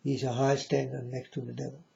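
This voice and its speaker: Halting, preachy man with a very mellow voice. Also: medium pitch, level tone, gravelly. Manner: halting, repeatedly addresses folks, grandiose. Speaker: self-styled preacher vlogger. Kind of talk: preachy monologue to viewers. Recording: dull lo-fi recording.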